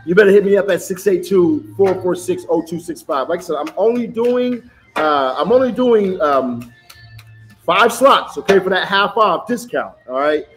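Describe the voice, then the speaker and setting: A man chatting casually on a live stream as a tarot reader, pitching spells in a loose, salesy way full of fillers. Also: lively intonation, moderate pace, fairly bright tone, soft background music, poor audio.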